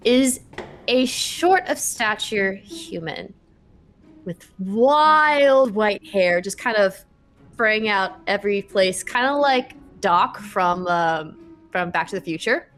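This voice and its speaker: A woman narrating a tabletop game as game master, animated and quick to laugh. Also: mid-range voice.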